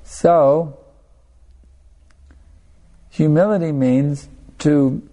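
A man's voice: on the high side, steady tone, very slow, dark tone. A male spiritual teacher giving a sermon and telling a story, talking conversationally with frequent restarts and asides to his listeners. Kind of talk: anecdotal sermon.

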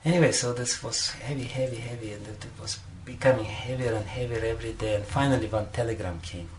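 A man's voice: medium pitch, fairly quick, a little mellow, a little hiss or hum. A man giving a devotional talk as a spiritual teacher, telling a story and often chuckling between phrases, with frequent "you know" fillers.

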